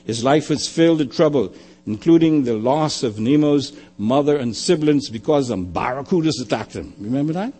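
An older male pastor preaching a sermon, building emphatically on repeated phrases and then dropping to quiet asides. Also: lively intonation, normal speed, slightly rough. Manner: emphatic preaching, swelling louder and higher on key phrases.

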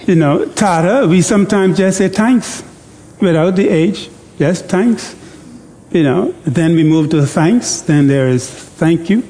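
A male preacher giving an interactive sermon in church. He jokes, coaxes the congregation into call-and-response, and reads scripture slowly and deliberately. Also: on the high side, dark tone, long reverb tail.

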